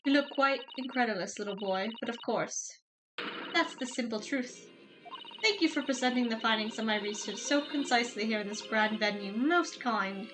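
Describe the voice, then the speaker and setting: A woman's voice: a little high, moderate pace, lightly acted, poor audio. A woman doing a haughty posh Englishwoman. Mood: smug. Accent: put-on English. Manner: condescending, sneering, prim. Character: haughty upper-class Englishwoman, scornful scientist. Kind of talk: reading game dialogue aloud. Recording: game music behind.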